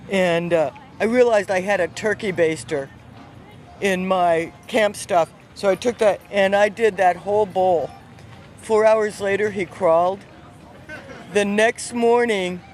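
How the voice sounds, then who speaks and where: A woman, not from the South, telling a personal story with lively, animated energy, outdoors on a city street. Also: medium pitch. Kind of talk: casual spoken storytelling.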